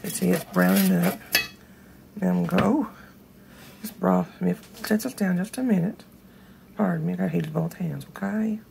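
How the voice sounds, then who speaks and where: A hoarse woman, chatting to viewers while she cooks in her home kitchen, filmed on a handheld phone. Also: fairly low pitch, fairly even intonation, moderate pace, pauses often, background noise. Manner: chatty, talks straight to viewers. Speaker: home cooking channel host. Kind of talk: casual cooking demonstration. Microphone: phone held in one hand.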